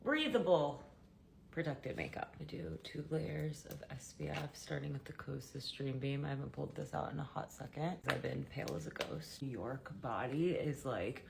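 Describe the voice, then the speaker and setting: Raspy-voiced woman chatting through makeup. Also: very deep voice, moderate pace, a little hiss or hum. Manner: chatty and offhand, soft-spoken. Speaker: beauty vlogger. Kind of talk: casual makeup tutorial chat.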